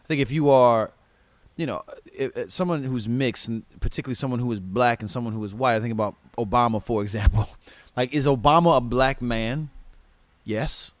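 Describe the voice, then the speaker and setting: A man's voice: mid-range voice, brisk, no room sound. Earnest male podcast co-host in his thirties. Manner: excitable, laughing, earnest when explaining. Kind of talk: casual livestream chat.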